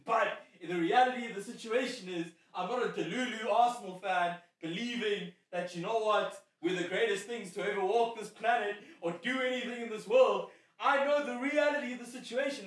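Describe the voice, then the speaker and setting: A man's voice: very high-pitched, a bit bright. A man co-hosting a casual podcast chat, making dry jokes and earnestly defending his picks. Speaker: podcast co-host. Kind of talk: casual chat about fantasy football. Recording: far from the mic in a very echoey room.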